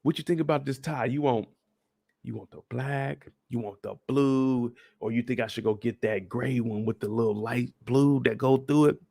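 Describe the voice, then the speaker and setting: A man's voice: medium pitch, moderate pace, creaky, mellow, dry recording, studio quality. A man casually quoting an easygoing, affectionate middle-aged husband in his own slangy voice. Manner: loose, slangy retelling of a character's lines.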